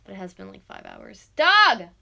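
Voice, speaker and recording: A woman in her twenties from North America, chatting casually on a late-night livestream at home. She rambles with lots of fillers and sometimes yells loudly to wake someone. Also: lowish voice, moderate pace, gravelly. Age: 20s. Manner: rambling, filler-heavy, breaks into loud yelling to wake someone. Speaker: vlogger livestreaming. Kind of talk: casual livestream chat while doing art.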